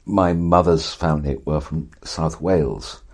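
A man's voice: extremely low pitch, measured pace, a little mellow. An older man, a writer answering an interviewer's questions with eloquent, wry, theatrical storytelling. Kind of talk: animated conversational storytelling.

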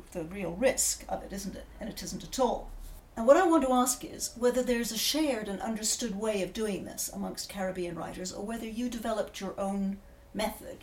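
A woman's voice: medium pitch, darkish tone, a little hiss or hum. Woman, interviewer, articulate, enthusiastic, roomy echo. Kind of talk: interview questions.

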